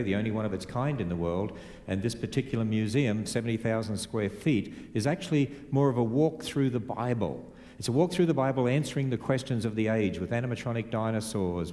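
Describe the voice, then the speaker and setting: A man's voice: fairly low pitch, a little mellow. A man with an Australian accent giving an earnest, emphatic church talk, posing rhetorical questions to the congregation. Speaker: ministry leader. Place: large church. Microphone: live church recording. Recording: live in a reverberant church hall.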